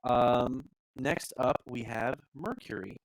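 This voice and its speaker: Young male co-host, playful and self-mocking, mid pitch, dry close mic. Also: takes it slowly, no echo, rough recording. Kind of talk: casual live-stream chat.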